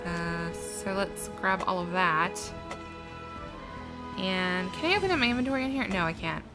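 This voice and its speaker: A woman's voice: lowish voice, lively intonation, moderate pace, over music. A woman giving chatty, giggly commentary while playing a video game. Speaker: let's play gamer.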